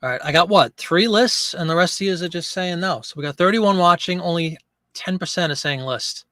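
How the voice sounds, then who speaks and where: A man's voice: high voice, brisk, bright, forceful tone, no echo, clean studio sound. A man hosting a live selling stream, chatting casually and joking as he reads viewer comments aloud.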